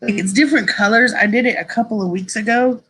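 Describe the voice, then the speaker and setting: Bright-voiced chatty woman streamer. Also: fairly high pitch, fast, breathy edge. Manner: chatty, rambling, laughs often, says y'all. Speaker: live stream host. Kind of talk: casual live stream chat with viewers.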